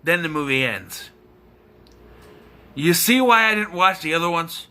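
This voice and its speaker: A young man hosts a casual movie review, sounding fed up and sarcastic as he picks the plot apart. His voice sits a little high and has a sharp, tense brightness, and his pitch swings widely. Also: lively intonation, measured pace. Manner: exasperated, sarcastic ranting.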